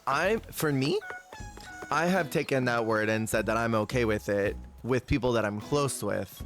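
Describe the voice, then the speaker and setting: A man chats casually with his stream audience while he plays, swinging between stories and quick laughs. His voice sits in a middle register, and soft music runs faintly underneath. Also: mid-range voice. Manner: chatty, storytelling, quick laughs. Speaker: Twitch streamer. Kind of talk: casual gameplay chat with viewers.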